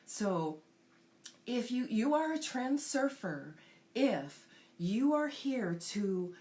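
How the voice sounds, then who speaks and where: A woman's voice: a little high, big pitch swings, slow pace, a little mellow. A woman spiritual coach teaching a class, explaining step by step in an earnest way and acting out inner voices.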